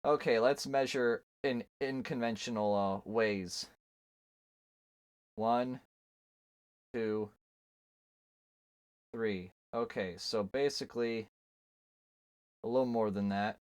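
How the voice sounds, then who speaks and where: A man's voice: medium pitch, fairly even intonation, takes it slowly, long pauses, clean tone, dry recording. Young man, streamer, casual rambling chat, joking, self-mocking, dry close sound. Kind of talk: casual chat while drawing.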